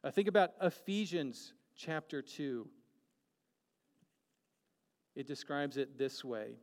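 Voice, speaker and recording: A man preaching a sermon earnestly, moving between emphatic peaks and hushed, quiet lines. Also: mid-range voice, animated, slow pace, long reverb tail.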